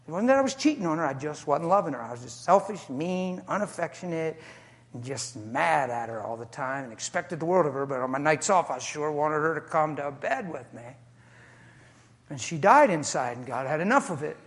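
A man preaching a sermon with passion, building to shouted appeals. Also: a little high, animated, a little fast. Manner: impassioned, rising to shouts. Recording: echoey hall.

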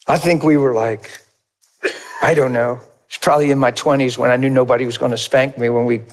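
A middle-aged man preaching a sermon, telling stories and acting out other people's voices in high squeals. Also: fairly even intonation, moderate pace, long pauses.

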